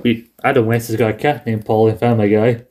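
A man's voice: medium pitch, flat delivery, fast, darkish tone. A young man co-hosting a casual chat, rambling through the plot, laughing often and acting out the characters' lines. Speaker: podcast co-host. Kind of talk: casual chat recapping a sitcom episode.

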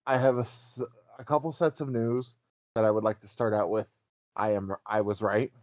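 A man's voice: on the low side, fairly even intonation, moderate pace, a little mellow, dry recording. A man co-hosting a gaming podcast in casual chat, teasing his co-host and sharing news. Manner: teasing, laughs often, shares news.

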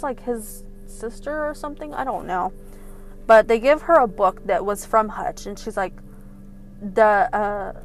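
A young woman casually retelling a film plot, animated and profane, with lots of fillers. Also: medium pitch. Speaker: film recapper. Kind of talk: casual storytelling recap.

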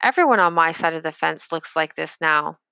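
A woman's voice: sits low, animated, moderate pace, gravelly, bright, forceful tone, smooth, no room sound, exaggerated voice. A woman reading aloud, voicing a frightened, timid young boy with an anxious, subdued manner.

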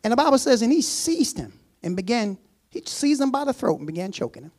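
A man preaching a sermon. He reads scripture aloud, breaks off with laughing asides, and acts out the servant's words in a low, casual voice. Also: big pitch swings, a little fast, darkish tone.

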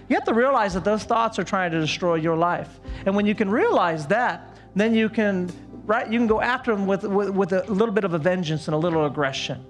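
Pastor, male, high tenor, fervent sermon delivery with homespun asides; faint music under him. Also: a little fast. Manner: fervent, exclamatory preaching with folksy asides. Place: church service.

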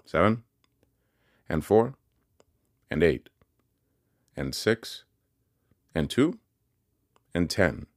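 A man's voice: a bass voice, moderate pace, hardly any pauses, no room sound, clean studio sound. A man voicing a pompous middle-aged tradesman who lectures and drills sums. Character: pompous middle-aged male corn merchant.

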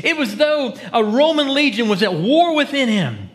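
A pastor preaching a conversational sermon, dropping to hushed tones for dramatic quotes. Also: male voice, very high-pitched, sing-song, moderate pace. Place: church.

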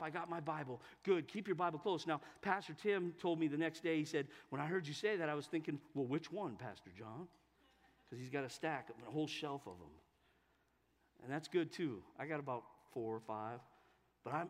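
A male pastor with a high, bright voice preaching in a church sanctuary. He is emphatic and swells into loud, fervent exhortation. A long hall reverb trails his words. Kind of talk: sermon.

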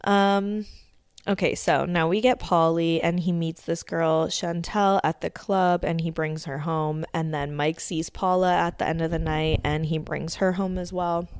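A woman with a lowish, smooth, resonant voice talks through a TV episode as a podcast host. Her delivery is loose and chatty, packed with fillers and easy swearing. The sound is close and dry. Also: a little mellow, dry recording. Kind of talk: casual episode recap commentary.

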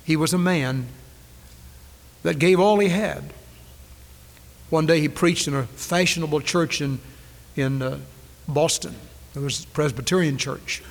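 A male preacher delivering a dramatic sermon, repeating key phrases and swinging between loud declarations and hushed lines, on a 1990s church recording. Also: on the high side, measured pace, vocal fry, long pauses, in a large hall.

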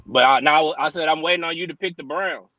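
A man from Memphis co-hosting a casual sports podcast over a remote call, quick and emphatic, tossing in "bro" a lot. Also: fairly high pitch, bright, forceful tone, no room sound, highs cut off. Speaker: podcast co-host.

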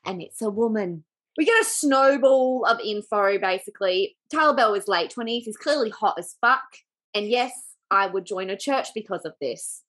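A woman co-hosting a podcast, chatting casually about a book, giggly and excitable, swearing freely. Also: medium pitch, normal speed. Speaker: podcast co-host.

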